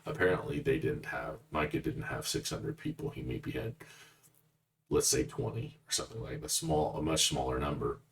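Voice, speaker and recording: A man's voice: extremely low pitch, expressive, normal speed, vocal fry. A man giving blunt, conversational verse-by-verse Bible commentary as a teacher. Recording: distant mic with faint noise.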